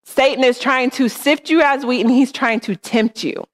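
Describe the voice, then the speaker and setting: A woman's voice: sits high, moderate pace. A woman preaching in church, talking in an earnest, conversational way and often checking in with her listeners. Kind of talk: sermon.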